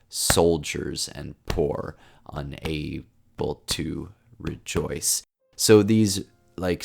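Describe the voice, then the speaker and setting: Very deep-voiced man explaining a poem. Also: darkish tone. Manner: thoughtful, explanatory, with restarts. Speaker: literature teacher. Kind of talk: poetry lecture.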